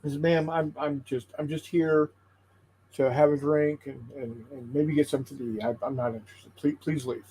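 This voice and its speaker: A man on a tabletop gaming stream telling a long joke in casual chat, halting and repeating his words as he goes. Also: on the high side, fairly even intonation, dark tone, a little hiss or hum, rough recording. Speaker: co-host of a tabletop painting stream.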